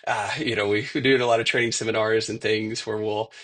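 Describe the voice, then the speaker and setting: Gravelly low-voiced man guest. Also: fairly even intonation, brisk, a bit bright. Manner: gravelly, husky voice, chuckles as he talks. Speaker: conflict resolution expert guest. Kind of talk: casual interview talk.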